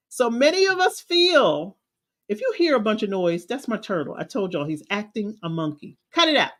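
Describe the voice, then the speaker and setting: A woman's voice: mid-range voice, very animated, a bit bright. A woman confidence coach, giving an emphatic, preachy motivational talk. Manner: preachy, emphatic, drawn-out phrasing.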